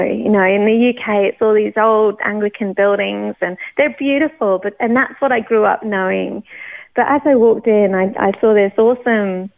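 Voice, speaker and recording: A woman tells her own faith story in an emotional, heartfelt way, often breaking into laughter. Her voice sits fairly high. The audio is thin and narrow, like a phone line. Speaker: church member sharing her testimony. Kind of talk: personal testimony. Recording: tinny phone-like sound.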